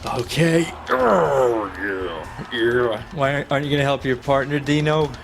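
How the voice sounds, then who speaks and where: A man streaming a wrestling video game, reacting loudly and swearing as he plays. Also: mid-range voice, a little slow, gravelly, background noise. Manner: excitable, swearing, trash-talking the game. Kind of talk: profane live gameplay commentary.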